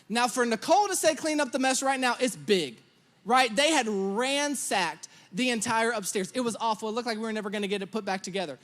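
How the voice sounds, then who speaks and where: A man in his thirties preaching a sermon, telling a lively story about his children and acting out their lines. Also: extremely high pitch, brisk. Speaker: pastor.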